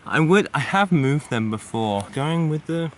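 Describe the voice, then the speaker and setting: Hiking up a trail, a man vlogs on a handheld camera, slightly winded and panting from the climb. His fairly high voice has lively intonation and an unhurried pace as he muses and rambles with lots of fillers, over slight background noise.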